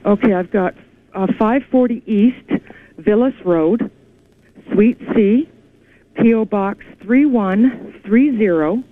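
A woman calling into a radio show, telling her story in an excited, rambling way with many restarts. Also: mid-range voice, slow pace, no room sound. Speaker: caller. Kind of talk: call-in radio chat. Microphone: telephone. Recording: tinny phone line.

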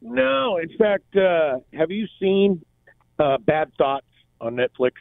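Radio co-host, man, retells comedy bits with lively voices, thin phone-like sound. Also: sits high, slow, creaky, no echo. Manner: animated storyteller, acts out quotes. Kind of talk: casual radio talk. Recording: tinny phone-like band, dry.

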